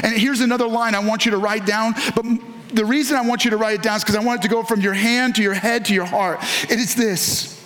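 An earnest male pastor preaching with a notably high-pitched voice. He drives his points home with emphasis, slowing down and repeating key lines for weight. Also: fairly even intonation, fairly bright tone. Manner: earnest, emphatic preaching with dramatic slowdowns and repetition. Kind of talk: sermon.

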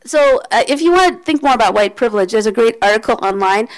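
A woman's voice: a little high, lively intonation, fast, low-quality recording. A woman with an American accent giving a candid talk to an audience, conversational, with restarts and asides. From United States. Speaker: speaker.

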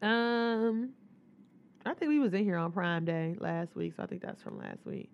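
A woman's voice: fairly low pitch, moderate pace, creaky, lo-fi sound. A woman co-hosting a podcast in loose, profane casual chat, laughing often as she retells stories. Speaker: podcast co-host.

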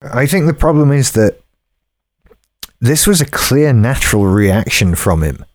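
A man co-hosting a casual gaming news podcast, speaking in a measured, somewhat hesitant way. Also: medium pitch, big pitch swings, dry recording, clean studio sound. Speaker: podcast co-host.

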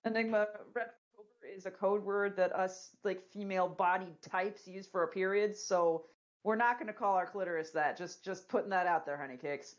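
A woman's voice: mid-range voice, normal speed. Woman, podcast co-host, crude joking banter, dull lo-fi recording. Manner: crude, joking, laughs often. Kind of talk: casual chat. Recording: dull lo-fi audio.

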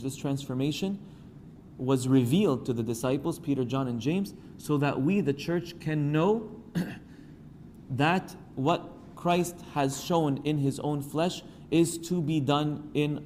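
A man's voice: a little high, a little slow, darkish tone, a little hiss or hum. A male priest giving a sermon, building emphasis and acting out the people he quotes. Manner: preaching with rising emphasis, acting out quoted voices. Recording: church hall reverb, faint ambience.

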